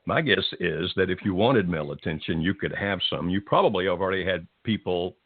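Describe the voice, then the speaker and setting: A man hosting a call-in show, giving gentle, reassuring advice at a calm, steady pace. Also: low voice, brisk, no echo, phone-quality sound. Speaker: radio advice host.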